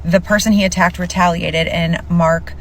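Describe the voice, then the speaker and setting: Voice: medium pitch, steady tone, normal speed, fairly bright tone, slight background noise, rough recording. A storyteller recounting a story in a chatty, casual way, full of "like". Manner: chatty, fillers of "like".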